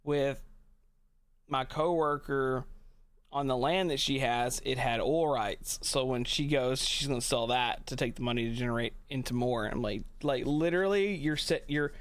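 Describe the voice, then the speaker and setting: A man's voice: mid-range voice, moderate pace, smooth, dry recording. A man telling long rambling stories in casual chat as a streamer, swearing freely and laughing often.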